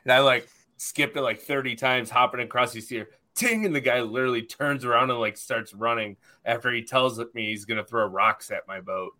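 A man in casual chat, relaxed and laughing easily as he tells a story. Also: mid-range voice, fairly quick, few pauses.

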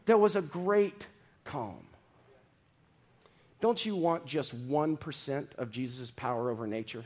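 A man preaching a sermon, reading scripture dramatically and swinging from loud, emphatic lines to hushed ones. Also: fairly high pitch, measured pace. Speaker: pastor.

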